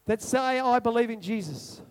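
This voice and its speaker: Male pastor, very high voice, repetitive rhetorical sermon delivery. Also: moderate pace. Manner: repetitive rhetorical preaching, asks the congregation questions.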